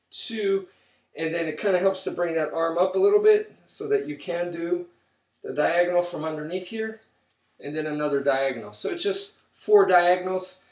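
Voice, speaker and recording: Man counting strikes in a roomy space. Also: fairly high pitch. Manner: counts strikes aloud while demonstrating. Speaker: martial arts instructor. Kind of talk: instructional demonstration. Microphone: camera mic from a distance. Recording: roomy, distant camera audio.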